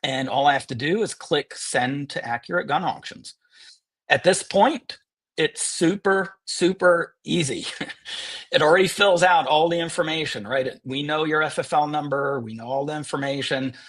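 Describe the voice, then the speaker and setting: A man hosting a live webinar and demoing software. He is upbeat and joking, with sarcastic asides. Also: on the high side, moderate pace. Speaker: webinar host and software presenter. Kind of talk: live webinar product demo. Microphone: earpiece in one ear.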